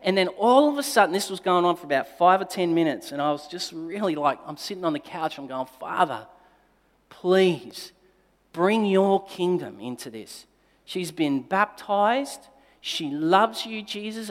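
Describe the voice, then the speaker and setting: A male pastor telling a personal story in a sermon, moving between forceful emphasis and quiet, tender passages. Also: high-pitched, animated, normal speed. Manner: dynamic storytelling, swinging between loud emphasis and hushed, tender delivery. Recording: long reverb of a large hall.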